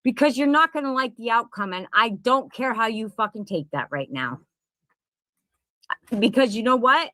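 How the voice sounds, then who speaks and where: High-voiced woman ranting angrily. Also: animated, normal speed, a bit bright, no room sound. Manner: profane, confrontational, repeats herself. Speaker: content creator. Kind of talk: angry direct-to-camera rant. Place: at home in Pennsylvania.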